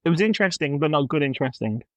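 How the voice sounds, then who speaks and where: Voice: mid-range voice, lively intonation, rapid-fire, fairly bright tone, no echo, muffled recording. A podcast co-host in a playful, teasing casual chat about tasting snacks.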